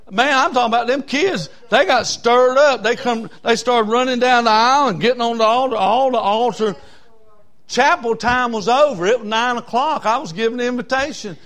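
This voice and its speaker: High-voiced preacher telling a story. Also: male voice, expressive, moderate pace. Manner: folksy storytelling preacher, building from quiet to shouting. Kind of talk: sermon.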